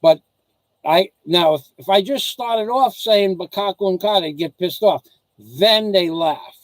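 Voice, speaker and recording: A man's voice: high voice, a little slow, no room sound, low-quality recording. A man from the United States hosting a casual vlog, rambling through a rant, often restarting sentences and acting out little dialogues. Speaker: vlog host.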